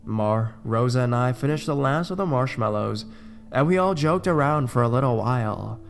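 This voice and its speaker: A man narrating a first-person horror story in a steady, conversational reading voice. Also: medium pitch, moderate pace, creaky, soft background music.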